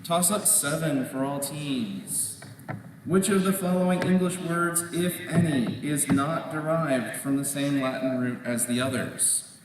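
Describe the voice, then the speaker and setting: A man moderating a quiz competition, reading questions aloud in a measured way, repeating them and ruling on each answer. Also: a little high. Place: large indoor competition hall. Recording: echoey hall from far off, faint noise.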